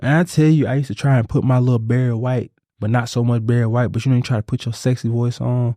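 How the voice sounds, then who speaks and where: Un hombre joven, copresentador de podcast, conversa de forma casual y cuenta anécdotas con subidas de tono al enfatizar. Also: male voice, quick pace, few pauses, no room sound, clean studio sound. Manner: animated storytelling, pitch jumps when emphatic. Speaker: podcast co-host. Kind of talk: casual chat.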